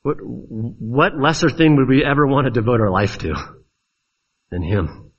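A man's voice: mid-range voice, expressive, measured pace, lo-fi sound. A man preaching a sermon in an earnest, pleading way, pressing questions on his listeners.

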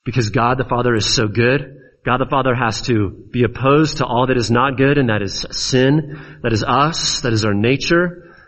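A man's voice: medium pitch, normal speed, fairly bright tone, rough recording. A man preaching a sermon in an earnest, pleading way, pressing questions on his listeners.

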